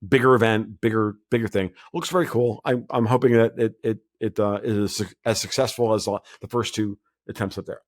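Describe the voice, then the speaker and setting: A man's voice: fairly low pitch, fairly even intonation, brisk, few pauses. Guy rambling bluntly in a podcast interview, keeps restarting sentences. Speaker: guest commentator.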